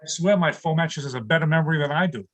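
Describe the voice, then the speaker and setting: A man's voice: on the high side, rapid-fire. A man in his sixties from New York City doing a stand-up comedy set over a video call from his home studio, chuckling at his own punchlines. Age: 60s.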